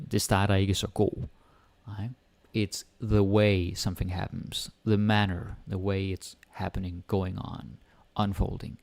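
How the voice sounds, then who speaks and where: A man with a Danish accent teaching a relaxed language lesson, explaining step by step and switching between English and Danish. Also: lowish voice, gravelly, no echo.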